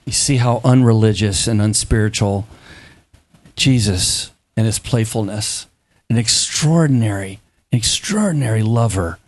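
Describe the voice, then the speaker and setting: A middle-aged man preaching a sermon, animated and playful, acting out the dialogue of biblical scenes in quick voices. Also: lowish voice.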